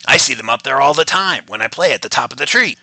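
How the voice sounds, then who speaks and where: A man's voice: mid-range voice, lively intonation, quick pace, pushed and bright, no room sound, poor audio. A man voicing a friendly, playful male squirrel in a bedtime story. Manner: cheerful, helpful.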